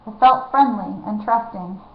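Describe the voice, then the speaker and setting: Woman narrator, lively storybook reading, lo-fi dull recording. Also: mid-range voice, normal speed. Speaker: reader. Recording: echoey, dull lo-fi room.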